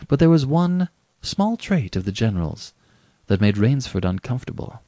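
A man narrating a story aloud in an expressive, varied delivery. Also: mid-range voice, normal speed, no room sound. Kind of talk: audiobook reading.

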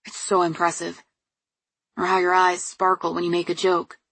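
A woman's voice: fairly low pitch, completely flat delivery, normal speed, a bit bright, husky, dry recording. A woman reading the lines of an earnest, vulnerable young man in an audiobook.

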